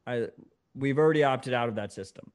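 Casting: mid-pitched man, blunt teasing co-host, loose and profane. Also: brisk. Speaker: podcast co-host. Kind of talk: casual chat.

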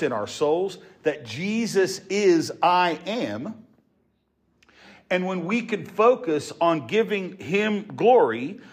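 A man preaching a sermon to his congregation in an earnest, emphatic way. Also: on the high side. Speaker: pastor.

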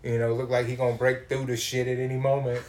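A man telling a comic story, animated and swearing freely, acting out the people he meets. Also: medium pitch, quick pace. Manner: animated, swears a lot, acts out voices. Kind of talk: profane comedic storytelling.

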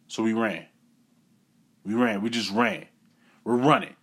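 A young man telling a personal story in a casual, animated way, repeating phrases for effect and acting out what people said. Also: on the low side, unhurried, husky.

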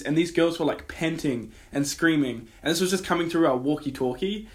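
A young man spins a spooky story on a casual podcast, with a voice pitched a little high. He rambles, restarts and swears often, acting out the voices of everyone he quotes. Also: fairly quick, hardly any pauses. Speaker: podcast co-host telling a story.

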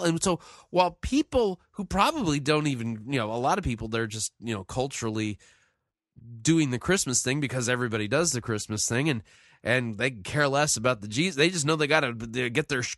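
A man at a medium pitch talks through a casual solo commentary, wandering off on tangents with sighs, fillers and restarts. He leans hard on single words when he wants to make a point. The sound is close and dry, with no room around it. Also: a bit bright, no echo. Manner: rambling, sighing, full of fillers and restarts; emphatic, punching single words. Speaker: podcast commentator.

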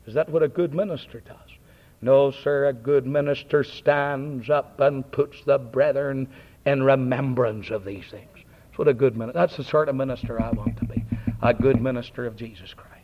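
A man's voice: medium pitch, normal speed, slight background noise. Middle-aged Ulster Scots man, fiery preacher, rolled R's, old lo-fi tape. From Northern Ireland. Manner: thundering, rolls his R's. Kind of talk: fiery sermon. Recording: dull lo-fi archive recording.

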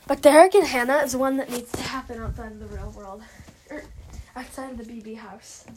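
Gushing high-voiced woman rambling a recap. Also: fairly quick, noisy background. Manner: gushing, rambling, self-correcting. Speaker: fan recapping a reality show. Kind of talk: excited casual vlog recap.

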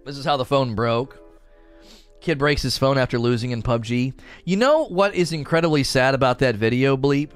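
With soft music in the background, a young man tells the story of an angry customer in a smooth, mid-range voice at normal speed. He's animated, voices the characters himself, and laughs frequently.

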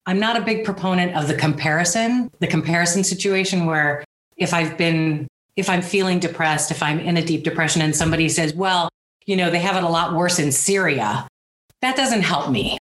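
A woman's voice: on the low side, fairly quick, roomy sound. A woman speaking as an interview guest, earnest and rambling, with self-deprecating humor. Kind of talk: candid personal interview.

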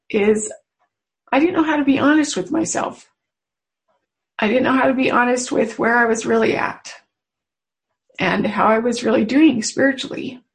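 A woman, a mother, speaking to a webinar audience in a personal spiritual talk, earnest and confiding, with unhurried pauses. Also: a little high, poor audio. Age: adult mother. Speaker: webinar presenter.

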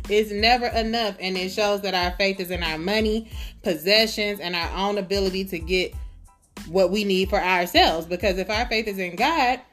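A woman teaching a Bible lesson in a lively, conversational and humorous way. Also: medium pitch. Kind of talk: casual Bible lesson retelling.

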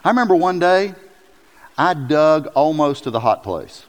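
A man preaching a sermon as pastor, telling stories with lively, acted-out quotes. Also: fairly high pitch, measured pace. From South Carolina. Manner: animated storytelling, jumps into loud acted quotes. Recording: long hall reverb.

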